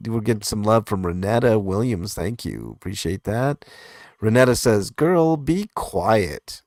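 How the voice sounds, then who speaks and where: A man with a lowish voice hosts a relaxed comment-reading show, drifting through fillers and little laughs as he goes. The sound is dry and close, with no room around it. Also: dry recording. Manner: laid-back, hesitant, lots of fillers and chuckles. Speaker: host reading viewer comments. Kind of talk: casual live comment show chat.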